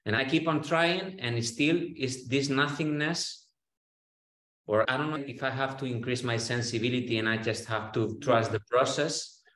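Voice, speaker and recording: A man's voice: medium pitch, moderate pace, a bit bright. A man with a Spanish accent, a client in a therapy session, speaking hesitantly and restarting as he searches for words. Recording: echoey room.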